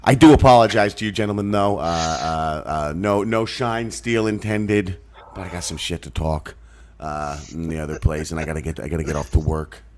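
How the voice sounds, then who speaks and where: A man joining a casual online chat, rambling and joking, often jumping into high mocking voices. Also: moderate pace, a little mellow. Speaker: guest dropping in.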